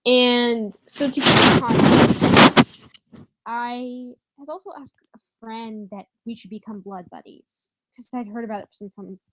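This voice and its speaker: A woman's voice: fairly high pitch, unhurried, heavy background noise. Candid young woman telling a story. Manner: candid and animated, with frequent swearing and fillers. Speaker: vlogger. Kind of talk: casual storytime vlog.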